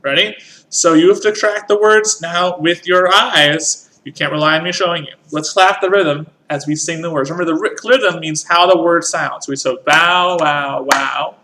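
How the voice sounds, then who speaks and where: A man's voice: a little high, moderate pace, bright, forceful tone. A man teaching a music lesson, patiently explaining rhythm and counting in. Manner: patient, counts in and sings along.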